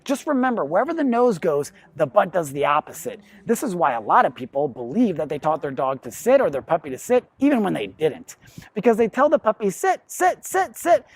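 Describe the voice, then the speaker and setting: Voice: medium pitch, sing-song, fairly quick, husky. A dog trainer giving a plain, step-by-step lesson on puppy training, explaining with everyday comparisons. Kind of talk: instructional talk to camera.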